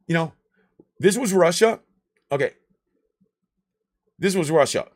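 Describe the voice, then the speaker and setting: Animated man ranting on stream. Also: a little high, unhurried, pauses often. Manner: animated, excitable ranting with swearing. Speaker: live streamer. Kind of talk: rambling live-stream chat.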